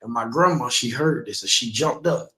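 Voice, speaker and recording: A man's voice: medium pitch, normal speed, pushed and bright, roomy sound. A man preaching in the street, telling a personal story with emphasis and asking listeners again and again whether they understand.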